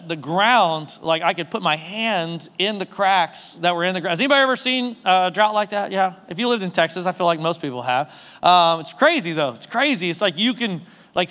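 A pastor with a high, smooth, resonant voice preaches to his congregation. He talks casually and throws questions out to the room. A long reverb trails off the walls of the church. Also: fairly bright tone. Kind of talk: sermon. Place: church sanctuary.

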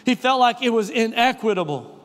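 High-voiced male pastor preaching, animated and questioning, long hall reverb. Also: fairly quick. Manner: animated, asks the crowd questions, repeats key lines. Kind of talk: sermon.

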